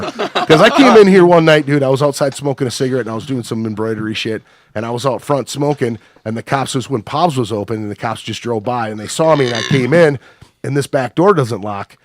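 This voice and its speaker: A man's voice: mid-range voice, lively intonation, fairly quick, no room sound. A man with an Upper Midwest American accent hosts a podcast from a small studio. He rambles through a profane story in loose, casual chat, his voice sounding dry and close to the mic. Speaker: podcast host.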